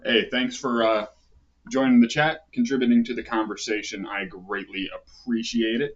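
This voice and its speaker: A man's voice: mid-range voice, steady tone, a little slow, pauses often. Man, livestream host, casual rambling chat, fillers and asides, dull lo-fi sound. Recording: dull lo-fi stream audio.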